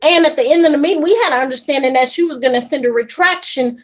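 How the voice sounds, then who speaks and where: A young woman casually telling an indignant story to camera, animated and quick to act out what others said. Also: sits high. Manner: animated, indignant retelling with acted quotes. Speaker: vlogger.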